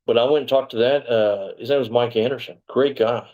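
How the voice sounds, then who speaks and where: A man's voice: medium pitch, steady tone, fairly quick, a little mellow, highs cut off. A man from Texas, a former police officer telling his story in a casual interview, rambling and digressive with lots of "you know".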